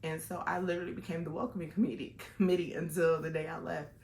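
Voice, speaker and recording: A woman's voice: low voice, little pitch movement, fast talker, gravelly, darkish tone, reverberant. A woman vlogging a personal story in a chatty, rambling way, full of fillers and restarts.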